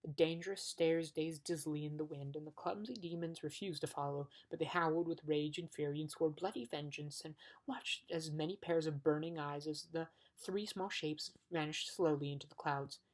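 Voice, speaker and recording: A woman narrates a storybook aloud in a low, husky voice. Now and then she trips over a word and starts it again. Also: fairly even intonation, moderate pace, hardly any pauses, poor audio. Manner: occasional stumbles and restarts. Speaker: audiobook reader.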